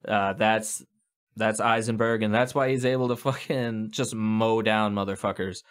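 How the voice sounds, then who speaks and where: A man's voice: lowish voice, steady tone, moderate pace, clear, resonant tone. A man co-hosting a podcast, rambling with hesitations and swearing as he talks through films. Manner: rambling, hesitant, full of "you know" and swearing. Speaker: podcast co-host. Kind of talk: casual movie chat.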